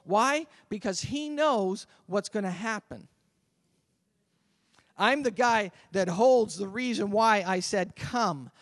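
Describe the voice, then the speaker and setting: A man preaching a sermon as pastor, swinging from loud emphatic calls to quiet conversational asides. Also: high voice, slow pace, dry recording, studio quality. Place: church sanctuary.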